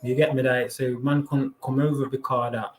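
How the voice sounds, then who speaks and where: A man's voice: medium pitch, level tone, brisk, over music. Slangy man chatting casually. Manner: slangy, swears freely, rambling with many fillers. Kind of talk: casual live chat.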